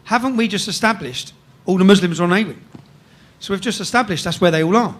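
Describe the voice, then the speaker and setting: An English man telling a rough story in casual chat, swearing freely and tagging sentences with "yeah?". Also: sits high, quick pace, a bit bright. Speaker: guest storyteller.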